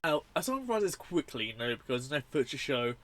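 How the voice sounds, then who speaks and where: A young man reviewing a horror film in a casual, rambling, profane and excitable way. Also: medium pitch, fast.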